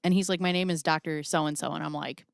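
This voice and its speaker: Woman streamer, lowish smooth voice, dry close sound, casual and blunt, reads chat aloud. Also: fairly even intonation, fast, no echo. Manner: chatty, swears freely, reads chat aloud. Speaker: livestream host. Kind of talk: casual livestream commentary.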